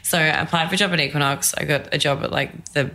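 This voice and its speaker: A woman talks through her story in a loose, candid podcast chat, peppering it with "like". Her voice sits low with a gravelly fry, yet has a bright, forward tone. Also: steady tone, fast talker. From Australia. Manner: chatty storyteller, lots of "like", candid. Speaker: guest, fitness entrepreneur. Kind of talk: casual interview chat.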